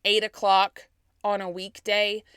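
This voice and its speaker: Chatty woman with a bright voice. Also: medium pitch, little pitch movement, a little slow, clean tone, no echo. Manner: chatty, laughs often, swears casually. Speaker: podcast co-host. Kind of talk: casual chat. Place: small closet at home. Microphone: laptop setup on a fold-out table.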